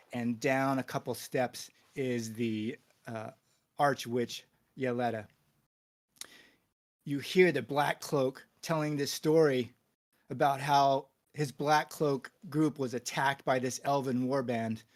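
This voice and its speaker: A man running a tabletop game as its game master. He narrates the scene in a casual, halting way, with plenty of fillers, and his voice sits at a middle pitch.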